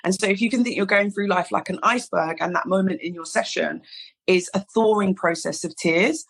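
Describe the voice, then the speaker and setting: A woman's voice: mid-range voice, brisk. A woman, a podcast guest telling a personal story in casual chat, acting out the dialogue. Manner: animated storyteller, acts out quoted dialogue, many "like"s. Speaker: podcast guest, hairstylist founder.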